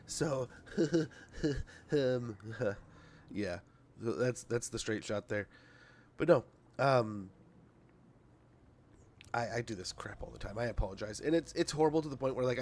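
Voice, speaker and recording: Rambling man reading notes aloud. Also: mid-range voice. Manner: rambling, stumbles over words and laughs at himself. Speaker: streamer. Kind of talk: casual livestream chat, reading patch notes aloud.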